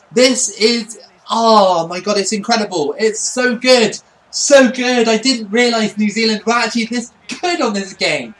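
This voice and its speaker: A man giving excitable play-by-play commentary over his own football video game, swinging between quiet asides and shouts. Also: high-pitched. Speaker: gaming channel host.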